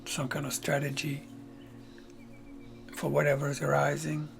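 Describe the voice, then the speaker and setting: A man, a podcaster giving a reflective spiritual talk, unhurried and soft-spoken, often drifting into near-whispers. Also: on the high side, completely flat delivery. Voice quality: gravelly. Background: faint music.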